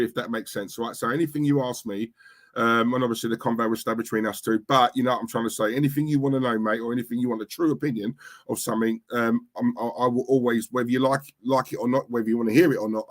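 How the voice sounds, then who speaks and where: A man hosting a casual live stream, chatting and shouting out viewers by name. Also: a little high.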